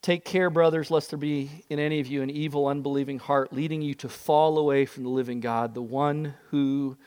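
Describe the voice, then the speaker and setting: A man preaching a sermon, an animated storyteller who acts out the voices in his stories. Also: fairly high pitch, fairly quick, smooth, in a large hall. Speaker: pastor.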